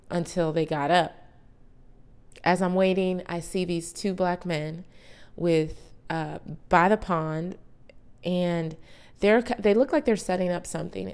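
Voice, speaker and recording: Slow-talking woman telling a personal story. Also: on the low side, smooth. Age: late 20s to early 30s. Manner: animated, chatty storyteller with asides to listeners. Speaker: podcast host.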